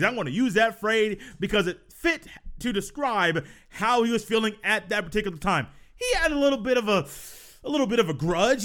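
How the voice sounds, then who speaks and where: A man with a fairly high voice hosts a solo sports podcast. He tells his stories in a loose, chatty way, laughing and repeating himself. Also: pushed and bright. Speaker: podcast host.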